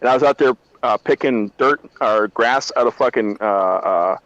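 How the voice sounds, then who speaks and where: A man who is a retired army drill sergeant, telling profane, animated barracks stories in casual chat. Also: medium pitch, moderate pace, no echo, dull audio.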